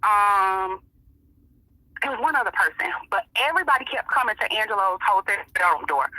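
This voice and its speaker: A woman's voice: a little high, sing-song, brisk, bright, forceful tone, breathy edge, dry recording, rough recording. A woman being interviewed, telling a story in casual, emphatic, profane talk and acting out what other people said. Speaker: interview guest.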